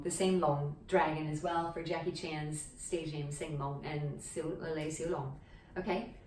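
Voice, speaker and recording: A woman's voice: low voice, darkish tone, slight background noise. A woman teaching a language lesson at a board in a casual, chatty way, often checking in with "okay?". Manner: chatty, explaining step by step with frequent "okay?" checks. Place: indoor room with a board. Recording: echoey room, mic at a distance.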